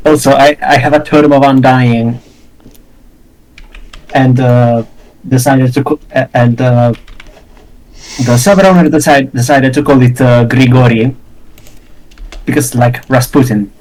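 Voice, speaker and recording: A man's voice: medium pitch, fairly even intonation, measured pace, pauses often, a little mellow, far from the mic, rough recording. A man rambling and joking with friends while playing a game, with many hesitations. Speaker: gaming friend. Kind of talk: casual gaming chat.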